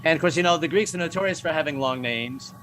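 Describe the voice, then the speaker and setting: A man's voice: a little high, fast, a bit bright, a little hiss or hum, poor audio. An older man doing stand-up comedy, wry and self-mocking, with stammering restarts.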